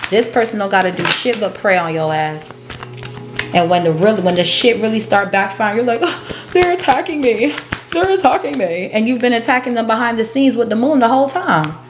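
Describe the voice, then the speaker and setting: A tarot reader gives a collective reading, calling out the cards bluntly and profanely and laughing often. She speaks a little fast in a mid-range voice, with background noise, a roomy echo, and faint music behind her.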